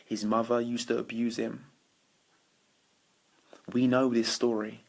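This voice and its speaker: Motivational speaker, male, gravelly husky low voice, energetic live-stream host greeting viewers. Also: takes it slowly. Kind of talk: late-night Facebook Live talk to viewers. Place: indoors at night. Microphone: phone or webcam for a live stream.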